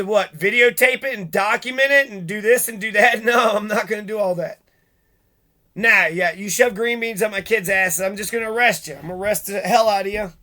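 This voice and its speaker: High-pitched and sharp, this middle-aged man vlogs an angry, profane rant, firing off rhetorical questions throughout his monologue.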